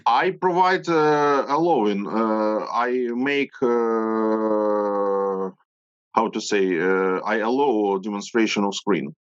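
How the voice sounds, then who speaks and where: A man with a Ukrainian accent chairs an online session in a low voice, groping for his words and filling the pauses. His speech comes slowly. The call audio is dull and dry, with no room sound around him. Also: clear, resonant tone, no echo. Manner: searching for words, hesitant. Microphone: video call.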